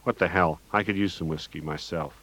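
A man voicing a jittery male convict who pleads and shouts in an audiobook reading. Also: low-pitched, steady tone, a little fast. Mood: easygoing. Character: jittery male convict, whining then panicky.

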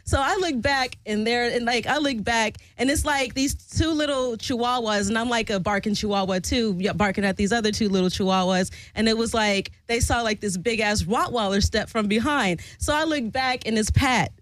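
A fairly high-voiced woman tells a story in a loose, chatty way, swearing freely and jumping up in pitch whenever she acts out a quote. The sound is dry and close to the mic, with no room around her. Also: normal speed, hardly any pauses, dry recording, poor audio. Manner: animated, profane, acts out quotes with big pitch jumps. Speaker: podcast host. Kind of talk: casual storytelling.

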